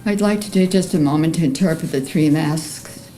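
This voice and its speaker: An older woman with a Bronx accent, an artist reading a personal memoir aloud in an earnest, emotional, measured way. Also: low voice, mellow, soft background music, low-quality recording. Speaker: artist presenting her paintings.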